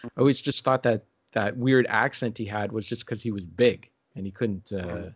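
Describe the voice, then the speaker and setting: A man's voice: lowish voice, steady tone, slightly rough, no room sound. Guy rambling in a chill chat, stops and restarts a lot, dry close sound. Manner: rambling, halting, lots of restarts and fillers. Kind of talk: casual chat.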